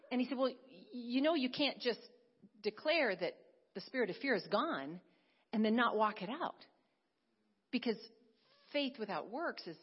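A woman giving an earnest sermon testimony, swinging from hushed to emphatic. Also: mid-range voice, husky, muffled recording. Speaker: preacher.

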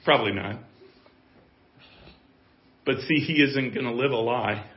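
A male pastor delivering a sermon in a church, his voice at an ordinary middle pitch. He drops to near-murmured asides, then rises into loud, emphatic preaching. The audio is echoey and a little muffled. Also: measured pace. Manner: swings from quiet musing to loud emphatic preaching.

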